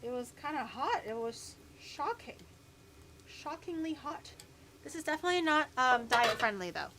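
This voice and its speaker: A woman's voice: high voice, expressive, moderate pace, background noise. A woman vtuber chatting casually to her chat while cooking at home, with frequent swearing and stuttered, repeated words. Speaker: vtuber streamer. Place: home kitchen.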